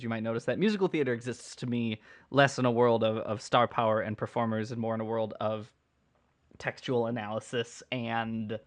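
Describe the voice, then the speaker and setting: A man of ordinary middle pitch chats through an unedited livestream, answering viewer questions. He rambles playfully and restarts his sentences often, while reading and typing at his computer. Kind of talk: casual unedited livestream chat.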